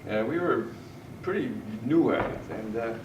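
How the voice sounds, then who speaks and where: A man's voice: medium pitch, expressive, normal speed, highs cut off. A middle-aged man telling fishing anecdotes in a tribute speech at a party, chuckling often as he goes. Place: large indoor party room. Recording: echoey, distant, noisy party room.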